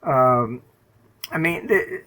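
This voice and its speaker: A man's voice: mid-range voice, animated, extremely slow, sharp tone, rough recording. A man talking bluntly as an interview guest, rambling with many fillers and telling stories from his career. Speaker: interview guest, market forecaster. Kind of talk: casual interview talk, storytelling.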